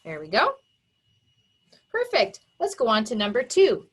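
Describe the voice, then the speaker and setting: A woman teaching a phonics lesson to young children, sounding words out slowly and emphatically and praising their work. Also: a little high, huge pitch swings, slightly rough. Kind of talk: slow, exaggerated phonics dictation for young children.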